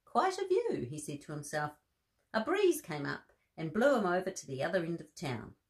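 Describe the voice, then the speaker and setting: A woman reading a bedtime story aloud to children, expressive, with soft gasps and friendly asides. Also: low-pitched, normal speed.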